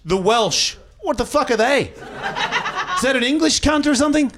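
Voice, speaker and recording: Amid a crowd and constant laughter from the live audience, this Australian man delivers profane, meandering stand-up from a club stage and trades jabs with the room. His pitch is extremely high and sing-song, and he talks at normal speed.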